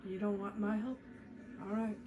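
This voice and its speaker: A woman's voice: medium pitch, fairly even intonation, moderate pace, dull audio, background noise, close to an everyday voice. A woman voicing a smug, needling man with a drunken slur as she reads a mystery game aloud. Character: smug tipsy-sounding man, needling host.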